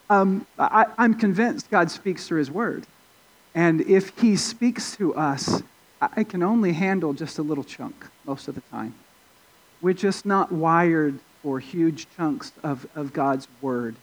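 A man's voice: animated, measured pace, low-quality recording. A male pastor preaching an expository sermon in a conversational way, with fillers and restarts, rising for emphasis. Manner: rises in pitch and volume for emphasis.

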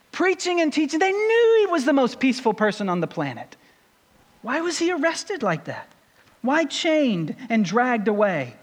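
A man's voice: extremely high pitch, fairly bright tone. A man preaching a sermon, driving it forward with a string of rhetorical questions. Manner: rhetorical questions, building intensity. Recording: long hall reverb.

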